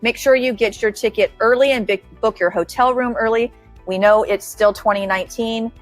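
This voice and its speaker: A woman's voice: a little high, normal speed, soft background music. A woman hosting a webinar, talking in a direct, upbeat and chatty way. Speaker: webinar host. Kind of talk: casual webinar chat.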